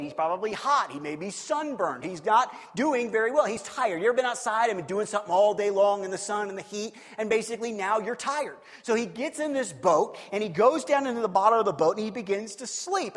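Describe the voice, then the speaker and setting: Animated preacher man with a high, lively voice. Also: in a large hall. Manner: animated, acting out scenes with shifting voices. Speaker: pastor. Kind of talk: sermon.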